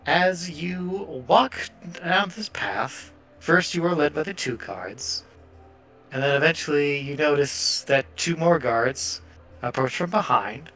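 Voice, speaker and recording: A man narrating a tabletop game as game master, relaxed and hesitant, with frequent fillers. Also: a little high, slow pace, faint music behind.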